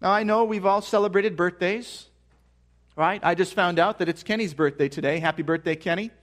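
Male pastor with a high voice, preaching earnestly with rising excitement. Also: a little fast. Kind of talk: sermon.

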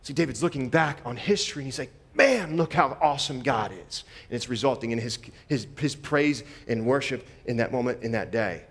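A man preaching a sermon in a conversational, animated way, often repeating phrases as he walks through scripture. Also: mid-range voice, fairly quick, few pauses.

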